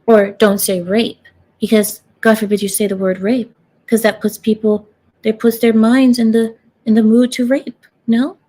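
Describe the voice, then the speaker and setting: A woman's voice: fairly high pitch, level tone, normal speed, dark tone. A young woman talking straight to her viewers in a sarcastic, rambling vlog rant. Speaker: vlogger. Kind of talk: casual talking-head rant.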